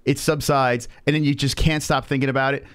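A man's voice: mid-range voice, fairly quick, clear, resonant tone, no echo. A young man telling a story on a live stream, cursing freely and acting out the voices of the people in it. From New York. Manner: animated, profane, acts out quoted voices. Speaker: podcast host.

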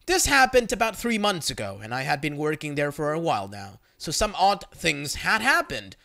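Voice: mid-range voice, very animated, normal speed, creaky, bright, forceful tone. A narrator reading online forum stories aloud in a plain storytelling manner.

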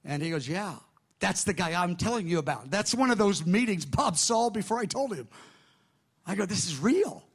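A man's voice: high voice, lively intonation, moderate pace, breathy edge. A middle-aged male pastor telling a story in a sermon, acting out the voices of the people he quotes.

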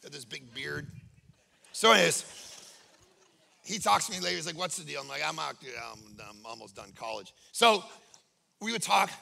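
A man's voice: medium pitch, gravelly, breathy edge. A male pastor preaching a humorous sermon, telling stories with jokes and acting out the people he quotes. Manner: animated, jokey, acts out quoted voices.

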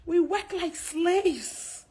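A Ghanaian woman delivering an angry political rant, loud and fiery, cursing freely. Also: extremely high pitch, drawn-out words, over a noisy crowd, rough recording. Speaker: social media commentator.

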